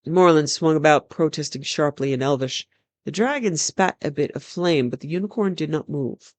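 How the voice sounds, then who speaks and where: A storyteller reading a fantasy novel aloud in a measured, even narration. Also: mid-range voice, dry recording.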